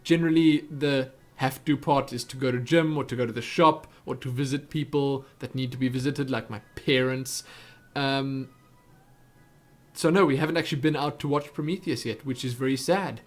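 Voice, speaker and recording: A young South African man answers viewer questions on his webcam YouTube vlog, wandering off into asides and correcting himself often in a casual Q&A. His medium-pitched voice is steady at a normal speed, with soft music in the background.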